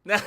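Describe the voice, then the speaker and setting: A man giving casual comedic commentary, slangy and joking, firing off rhetorical questions. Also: bright, forceful tone. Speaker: YouTube commentator.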